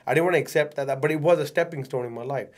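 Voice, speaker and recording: Casting: man from England, podcast guest, rapid and animated casual storyteller. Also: fairly high pitch.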